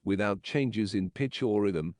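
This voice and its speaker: A man with a lowish voice reads an English lesson at a slow, measured pace. He explains each point plainly. The sound is dry and close to the mic. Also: a little mellow, no room sound. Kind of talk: slow paraphrased lesson narration.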